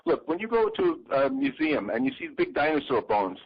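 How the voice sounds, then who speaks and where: An older man talks through a long anecdote in a rather high voice that swings up and down a lot. His voice is dry and a bit dull, as over a lo-fi call. He acts out the people he quotes. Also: normal speed, gravelly, husky, dry recording. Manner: animated storyteller, acts out quoted lines in a raised voice. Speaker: interview guest, former bandmate and exhibit designer. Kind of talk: casual interview talk, long anecdotes.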